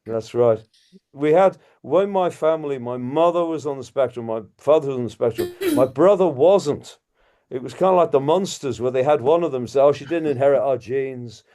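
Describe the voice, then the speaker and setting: A man's voice: mid-range voice, animated, normal speed, mellow. A man from Liverpool with an English accent, doing rambling, self-mocking stand-up over a video call and chuckling as he drifts off topic. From Liverpool, England. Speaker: guest comedian.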